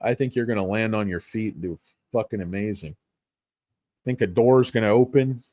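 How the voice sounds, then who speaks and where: A man's voice: lowish voice, normal speed, darkish tone, dry recording, studio quality. A middle-aged man talking stocks on a casual livestream, rambling, swearing often and mocking himself. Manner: rambling, profane, self-mocking. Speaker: stock market streamer.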